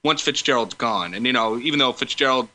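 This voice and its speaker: A man's voice: medium pitch, fairly quick, bright, forceful tone, slight background noise. A man co-hosting a casual fantasy football podcast, talking in a hesitant, agreeable way. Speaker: podcast co-host.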